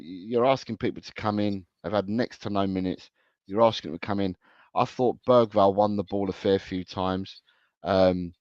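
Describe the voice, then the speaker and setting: A man's voice: lowish voice, a little mellow, no room sound. A man co-hosting a casual football podcast, talking emphatically and repeating his phrases. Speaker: podcast co-host. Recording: dry, dull lo-fi audio.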